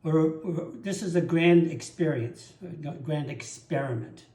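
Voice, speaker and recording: A man's voice: a little high, a little slow, warm tone. A man preaching a sermon as pastor, telling personal stories in an earnest way. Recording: roomy echo.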